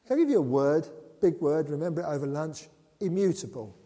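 A man preaching a sermon, animated and joking with the congregation. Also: fairly high pitch, brisk. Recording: long reverb of a large hall.

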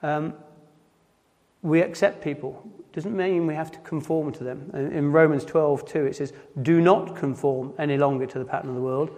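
A man's voice: on the high side, fairly even intonation, darkish tone. Nottinghamshire man preaching in a reverberant hall. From Nottinghamshire, England. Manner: halting, repeats words and restarts often. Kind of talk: informal sermon.

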